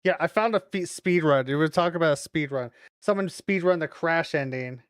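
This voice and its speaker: A man's voice: fairly high pitch, brisk, smooth, dry recording, clean studio sound. A man streaming a game, talking to himself and chat and swearing as he reacts. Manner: swears, reacts aloud while playing. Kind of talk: casual game commentary.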